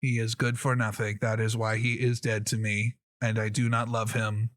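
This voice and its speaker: A man voicing a frail, withered old giant who speaks in slow, flat, curt sentences. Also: on the low side, no echo, studio quality, lightly acted. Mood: cold.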